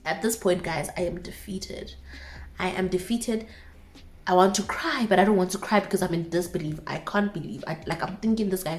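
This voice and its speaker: A young woman in her twenties with a South African accent, casually telling a dramatic personal story to her viewers with asides. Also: lowish voice. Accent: South African English.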